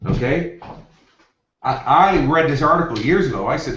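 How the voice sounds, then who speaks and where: A man's voice: fairly high pitch, brisk, a bit bright, a little hiss or hum. A man, a success coach, telling anecdotes in an interview with energy and acting out the quotes. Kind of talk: interview storytelling. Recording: roomy, distant, dull lo-fi.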